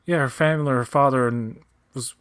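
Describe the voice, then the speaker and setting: A man's voice: mid-range voice, fairly even intonation, fairly quick, a bit bright, smooth. A man co-hosting a casual show commentary, trading dry jokes and mock complaints with his partner. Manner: dry jokey banter, mock grumbling. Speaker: co-host of a watch-along commentary.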